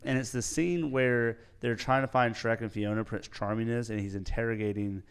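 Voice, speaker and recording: A young man hosting a casual podcast, telling stories with lively acted-out quotes. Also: medium pitch, moderate pace, clear, resonant tone. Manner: animated storyteller, acts out quotes. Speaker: podcast host.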